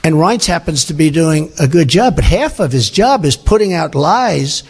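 A man's voice: a little high, lively intonation, moderate pace, a little mellow, slightly rough. A man speaking at a press conference in a rambling, emphatic way.

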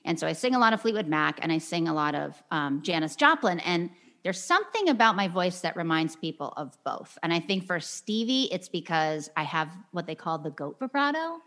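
A woman's voice: fairly low pitch, very animated, a little fast, fairly bright tone. A woman of around forty, a singer, talking candidly as a podcast guest, with a somewhat nasal voice and an easy laugh. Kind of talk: casual podcast interview.

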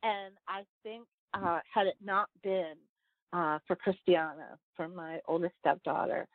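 A woman's voice: fairly low pitch, steady tone, measured pace, dry recording. Woman guest, pastor, rambling earnest chat, phone-quality audio, dry sound. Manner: rambling, many fillers and restarts, earnest. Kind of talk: casual interview conversation.

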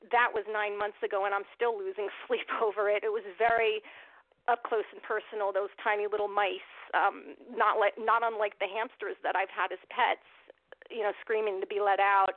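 A woman's voice: mid-range voice, no room sound. A woman activist telling a personal story as an interview guest, emotional and rambling, with many fillers and restarts. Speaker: guest, animal rights activist. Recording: tinny phone line.

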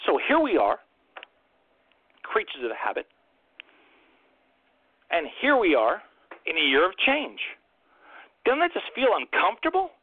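A man's voice: high-pitched, huge pitch swings, unhurried, pauses often, husky, no room sound. Fiery man ranting over a phone line. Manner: fiery, ranting, rhetorical questions. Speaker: host. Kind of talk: impassioned political monologue.

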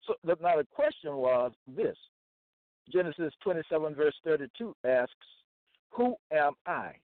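A man teaching from scripture in a slow, deliberate way, repeating phrases and checking in with "okay?" and "all right?". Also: fairly high pitch, lively intonation, no room sound. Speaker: self-styled Bible teacher. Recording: tinny phone-like dry sound.

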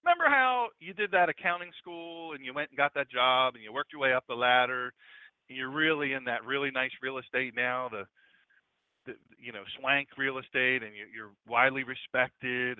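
A man doing a low, coaxing voice of God. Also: animated, a little fast, no room sound, lightly acted. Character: God, calm and coaxing, male. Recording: dry, tinny radio broadcast line.

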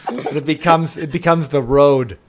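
A man's voice: fairly high pitch, steady tone, normal speed, darkish tone, slight background noise. A man hosting a casual podcast chat, joking and rambling with lots of fillers. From Milwaukee. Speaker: podcast host.

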